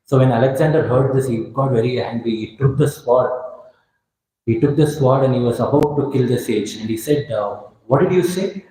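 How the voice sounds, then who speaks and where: Guy giving a temple talk, mellow tone, stops and restarts a lot, big echoey temple room. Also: mid-range voice, fairly even intonation. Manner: halting, many restarts and fillers. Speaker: speaker giving a scripture class. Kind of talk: sermon with storytelling. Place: temple hall.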